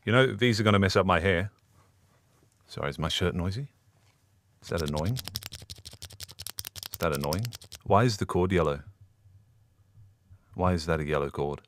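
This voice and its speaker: A man's voice: low-pitched, lively intonation, measured pace, long pauses, a bit bright, a little hiss or hum. A man in a comedy sketch as a fidgety, self-conscious voice actor.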